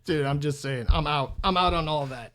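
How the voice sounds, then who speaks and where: A man co-hosting a casual podcast chat, laughing and exclaiming loudly. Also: on the high side, normal speed, background noise. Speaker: podcast co-host.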